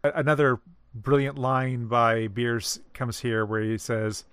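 A man talks through a story at an unhurried, deliberate pace, often pausing mid-thought to find the right word. His voice is smooth and resonant. The recording is close and dry. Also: medium pitch, flat delivery, a bit bright, no echo. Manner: measured, explanatory, pauses to find words. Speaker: discussion co-host. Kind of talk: casual literary discussion.

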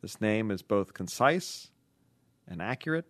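A man co-hosting a comedy podcast and reading listener letters in a dry, mock-formal way that breaks into loud mock shouting. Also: on the low side, animated, a little slow, dry recording. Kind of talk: casual comedic chat.

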